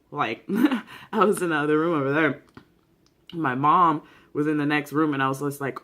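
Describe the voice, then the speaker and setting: A young adult vlogger talks in a loose, hyped-up way, heavy on slang, swearing and fillers. The voice sits at a middle pitch, neither high nor low. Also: normal speed, a bit bright. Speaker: YouTuber reviewing a TV series. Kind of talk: casual vlog commentary.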